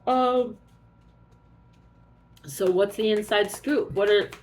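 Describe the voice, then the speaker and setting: A woman's voice: mid-range voice, takes it slowly, a little hiss or hum. A woman doing a casual oracle card reading, musing aloud and thinking as she goes.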